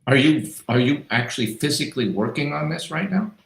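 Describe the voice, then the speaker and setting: A middle-aged man hosting a podcast, telling stories in a casual, animated and emphatic way. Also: on the high side, a little fast, vocal fry. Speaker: podcast host, doctor. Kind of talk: casual chat, storytelling. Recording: echoey room.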